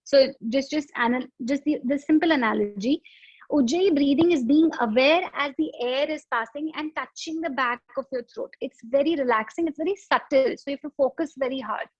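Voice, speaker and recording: A woman's voice: sits high, brisk, dry recording, dull audio. A woman yoga instructor guiding a breathing exercise, explaining patiently with analogies and demonstrations.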